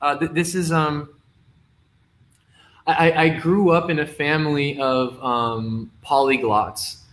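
A man's voice: a little high, steady tone, slow, fairly bright tone. A man on a video call reading his poem and explaining its wordplay, hesitant and often restarting or repeating words. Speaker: poet guest.

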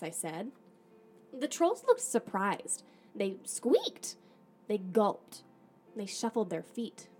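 A woman podcast host reading a children's storybook aloud in the first person, animated, with acted dialogue. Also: medium pitch, slow pace, pauses often, a little hiss or hum.

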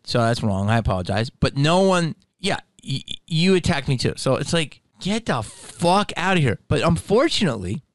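A man's voice: a little high, fairly bright tone, no echo. A man who is a stand-up comedian, ranting to camera in a profane, heated and indignant way.

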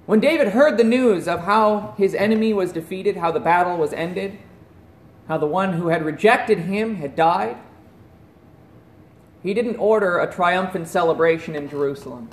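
High-voiced preacher in an echoey room. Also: male voice, normal speed. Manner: earnest preaching, dropping to a hush at solemn points. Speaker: pastor. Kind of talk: sermon.

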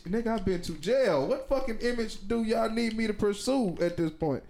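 Profane, animated podcast co-host man. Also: sits high, normal speed, creaky, few pauses, slight background noise. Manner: profane, animated, laughing often. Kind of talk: crude casual banter.

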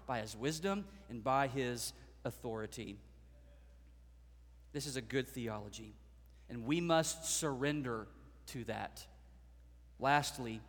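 A man preaching a sermon as pastor, swelling into dramatic, loud passages and acting out voices from the stories. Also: on the high side, long reverb tail.

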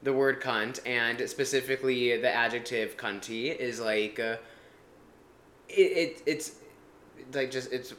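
A man's voice: mid-range voice, steady tone, unhurried, fairly bright tone, reverberant, slight background noise. A man co-hosting a podcast in casual chat, playful and rambling, often laughing. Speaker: podcast co-host. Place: apartment room.

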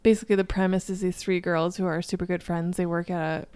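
A young American woman co-hosting a podcast in a relaxed, conversational way with quick asides. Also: lowish voice, clear, resonant tone, dry recording. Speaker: podcast co-host. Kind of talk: casual chat.

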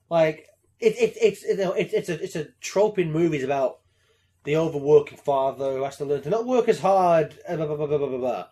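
A man chatting casually about movies, swearing a lot and slipping into loud mocking voices. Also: a little high, brisk. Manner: animated, profane, breaks into loud mock voices. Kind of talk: casual chat.

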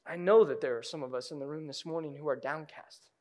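A man preaching a sermon in a church, moving from hushed, intimate moments to loud, urgent cries. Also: on the high side, quick pace. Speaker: pastor. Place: church sanctuary.

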